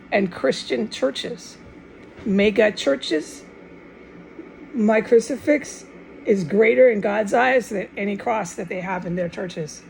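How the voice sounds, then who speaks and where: Gravelly-voiced woman in a rambling monologue. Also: medium pitch, darkish tone, rough recording. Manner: rambling, restarts often, drops in Spanish words; fervent and insistent. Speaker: online video maker.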